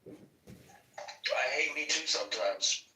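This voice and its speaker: A man's voice: medium pitch, expressive, slow, sharp tone, recorded from a distance. A man in casual chat, laid-back and casually profane. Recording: roomy room, away from the mic.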